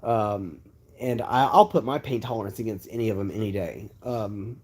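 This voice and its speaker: A man's voice: fairly low pitch, moderate pace, a little mellow, breathy edge. A man in his thirties from Texas, host of a livestream, telling a personal story casually with many asides and fillers. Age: 30s.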